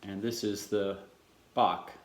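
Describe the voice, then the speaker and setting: A middle-aged man giving a casual demonstration lesson as a trumpet mouthpiece maker, explaining in an unhurried way with frequent restarts. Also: on the low side, steady tone, very noisy. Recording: echoey room.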